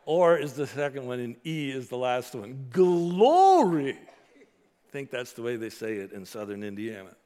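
A male pastor preaching a sermon, rising to loud emphatic declarations and dropping to soft, earnest appeals. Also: mid-range voice, steady tone, normal speed, clear, resonant tone. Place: church sanctuary. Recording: long hall reverb.

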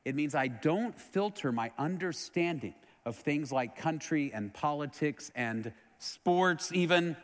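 A middle-aged male pastor from Texas delivers a Sunday sermon in a church sanctuary. His voice sits a touch high for a man, climbing loud for emphasis and sinking soft and low. Long reverb hangs behind every phrase. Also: lively intonation, unhurried, hardly any pauses. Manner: earnest preaching that swells loud then drops low and soft.

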